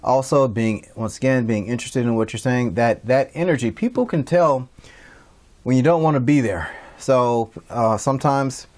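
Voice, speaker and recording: Casting: male instructor, relaxed and rambling, mid-pitched voice. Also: moderate pace, few pauses. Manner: casual, rambling with many fillers and restarts. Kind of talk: recorded online lecture.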